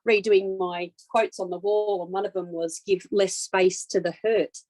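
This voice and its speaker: A woman taking part in a workshop, musing out loud in casual chat. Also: medium pitch, fairly even intonation, normal speed, dry recording, poor audio. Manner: musing, thinking aloud. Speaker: workshop participant.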